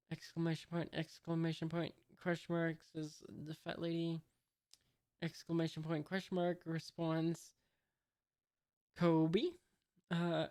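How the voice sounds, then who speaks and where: Slow, hesitant comic read-aloud. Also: mid-range voice, fairly even intonation, a little mellow, clean tone. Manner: hesitant, many "uh"s, reads punctuation aloud. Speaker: reader reacting to a comic. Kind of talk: casual read-aloud commentary.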